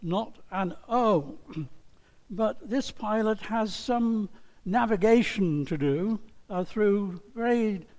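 A man with a notably high voice opens a sermon in a folksy way, full of "uh"s and light jokes. He talks slowly, and his voice carries a long reverb, as if filling a large hall. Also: darkish tone. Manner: folksy, with many fillers and small jokes. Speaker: pastor.

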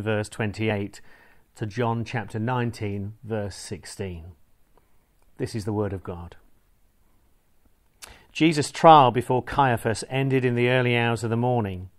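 A man reading a long scripture passage aloud in church, in a measured, formal way. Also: medium pitch, fairly even intonation. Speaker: scripture reader.

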